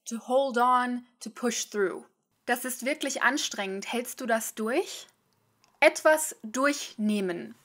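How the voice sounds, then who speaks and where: A young adult woman teaching a language in a casual video lesson. She explains in a chatty, lively way with quick asides. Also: on the high side.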